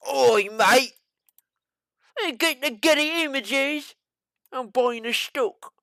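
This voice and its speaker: A man's voice: very high voice, takes it slowly, creaky, no echo, studio quality, voice pushed up, heavily acted. A man putting on a cocky bloke. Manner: loud and cocky. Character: brash cheeky British bloke investor.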